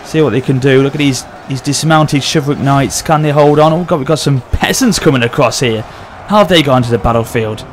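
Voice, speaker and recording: A man hosting a gaming channel, excitedly commentating a battle over gameplay and often addressing his audience. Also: mid-range voice, brisk, few pauses, slight background noise.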